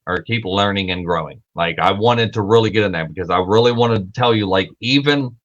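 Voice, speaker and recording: A young man talks casually on his livestream, rambling and correcting himself as he goes. He swears freely and leans on filler words. His voice sits a bit low, with a bright, forceful edge. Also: a little fast, lo-fi sound. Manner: rambling, profane, self-correcting, repeats fillers. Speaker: podcast host.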